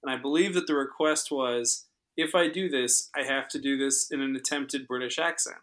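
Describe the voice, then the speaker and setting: Bright playful man on a podcast. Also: medium pitch, fairly even intonation, moderate pace. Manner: playful, builds up a bit. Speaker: podcast co-host. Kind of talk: casual podcast chat.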